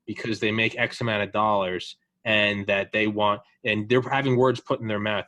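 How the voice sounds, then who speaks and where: A man in casual political chat on a podcast, animated and profane, acting out the people he quotes. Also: lowish voice, normal speed, few pauses, no echo.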